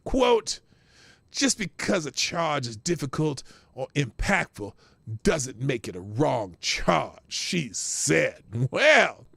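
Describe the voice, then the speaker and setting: A man's voice: on the high side, very animated, slow, vocal fry, a bit bright, dry recording. A man hosting his own show, reading news articles aloud and breaking off with sarcastic asides, sometimes stumbling over words and laughing at himself. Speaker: podcast host.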